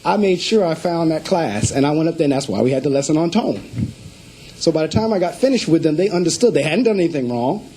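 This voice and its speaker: Middle-aged guy principal giving a talk, kinda high voice, husky and mellow, tells stories like a preacher. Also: lively intonation, quick pace, low-quality recording. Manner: storytelling speaker acting out phone calls. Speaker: school principal. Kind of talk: conference presentation to school district staff.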